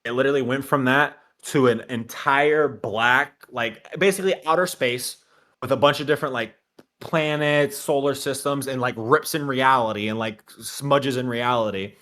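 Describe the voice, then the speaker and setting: Bright-voiced man recapping anime episodes. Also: normal speed. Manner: animated, acts out character lines in a high shouting voice. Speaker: podcast co-host. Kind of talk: casual recap chat.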